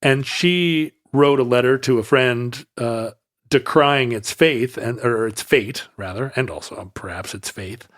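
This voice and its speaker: A man's voice: mid-range voice, a little slow, fairly bright tone. Male podcast host, mid-range voice, loose rambling storyteller. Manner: rambling with restarts and asides. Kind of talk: casual storytelling chat.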